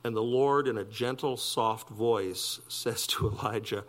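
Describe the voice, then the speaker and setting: Man, sermon, animated preaching, loud emphatic peaks, soft quiet drops. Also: medium pitch, normal speed, few pauses. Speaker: pastor.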